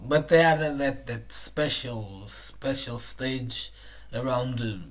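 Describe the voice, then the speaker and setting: Male host, halting delivery, slow measured questions. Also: mid-range voice. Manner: hesitant, halting with many fillers. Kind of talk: interview questions.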